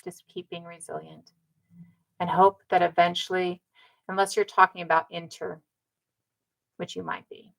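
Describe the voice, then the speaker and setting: A woman's voice: lowish voice, little pitch movement, normal speed, gravelly, pauses often, rough recording. A woman from North America giving an emphatic, casual talk, who repeats her points and keeps checking in with "right?". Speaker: speaker on ancestry and community.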